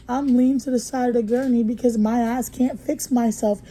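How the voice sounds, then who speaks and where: A woman vlogger, telling a story in a blunt, profane way that moves from hushed to heated. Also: on the high side, steady tone, normal speed, few pauses, poor audio. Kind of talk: casual storytime vlog. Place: motel room.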